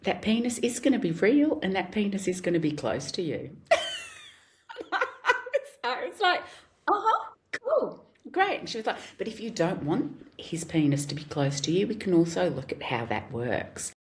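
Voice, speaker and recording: A woman's voice: fairly low pitch, fairly quick. A woman in her forties, a guest actor, telling stories in casual chat and laughing often. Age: 40s. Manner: animated storyteller, laughs often.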